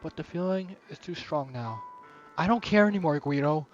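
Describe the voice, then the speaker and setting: A man gives voice to an intense, obsessive teenage girl from a visual novel. The reading is soft and fairly high for a man's voice. It comes through a dull, lo-fi recording. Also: lively intonation, moderate pace, faint music behind, close to an everyday voice.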